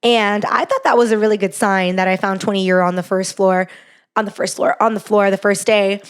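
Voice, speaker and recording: A woman's voice: medium pitch, steady tone, fairly quick, clear, resonant tone. A young woman hosts her own podcast and tells a personal story. Her talk is loose and chatty, peppered with fillers, and it turns sincere and heartfelt as she reflects. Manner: chatty, heartfelt, lots of "like" and "you know". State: gets emotional. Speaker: podcast host.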